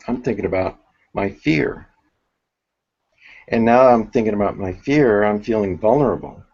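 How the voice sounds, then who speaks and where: Slow, halting man teaching a workshop. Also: lowish voice, mellow, lo-fi sound. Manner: halting, thinks aloud with many restarts. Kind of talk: spiritual workshop lecture.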